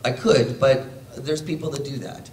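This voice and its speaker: A man, a voice actor speaking on a convention panel, telling stories in an animated, rambling way. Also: medium pitch, moderate pace, recorded from a distance. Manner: animated, rambling storyteller who laughs often. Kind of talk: casual convention panel talk. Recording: echoey hall, faint ambient noise.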